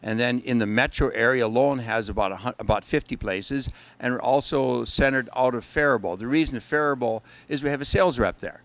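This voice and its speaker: A man's voice: mid-range voice, brisk, few pauses, fairly bright tone, dry recording. An older man, a winery owner, chatting as a radio guest and telling stories, with a jokey sung bit. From Minnesota. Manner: chatty storyteller, sings a jokey song. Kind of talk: casual radio interview chat.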